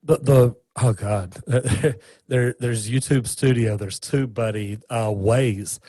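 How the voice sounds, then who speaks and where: A man, a guest in a casual interview, telling stories in an animated, folksy way with many restarts. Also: mid-range voice, slow, no room sound, poor audio. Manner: animated, folksy, repeats words.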